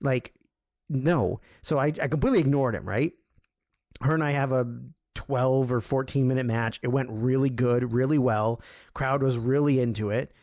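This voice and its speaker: A man at a middle pitch, recorded dry and close, telling a long backstage story. He rambles and swears often, and his voice lifts when he quotes others. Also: moderate pace, no room sound. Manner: rambling, profane, animated when quoting others. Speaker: podcast host. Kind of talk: casual storytelling.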